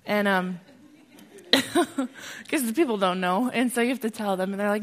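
A young American woman shares her testimony in a church talk with slides, speaking at a moderate pace in a mid-pitched voice. She is a lively, animated storyteller who grows loud and excited as she recounts events.

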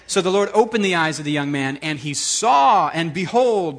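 High-voiced, emphatic male preacher. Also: moderate pace, few pauses. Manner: lively, emphatic, repeats words for effect. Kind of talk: sermon.

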